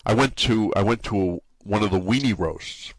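A man with a New England drawl talks casually in an interview, tripping over his words and repeating himself as he goes. His voice sits a little low and is recorded dry and close to the mic, with no room sound. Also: no room sound. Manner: halting, many restarts and repeated words. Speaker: forum site owner being interviewed.

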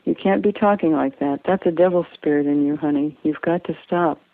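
A woman voicing a folksy, fatherly older male doctor who speaks in a gentle, coaxing way, on a tinny, dry recording. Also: sits low, a little fast, no room sound. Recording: tinny phone-like dry sound.

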